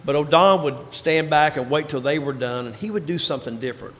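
A man giving a personal recovery testimony, telling his story and dropping into quiet, low tones for emphasis. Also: a little fast, slight background noise. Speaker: recovery speaker. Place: large hall before an audience. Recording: reverberant hall, faint ambience.

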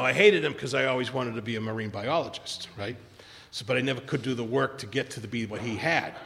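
An older man telling his own story at a recovery meeting, emotional and animated, acting out what people said. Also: mid-range voice, gravelly, in a large hall. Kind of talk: personal storytelling talk.

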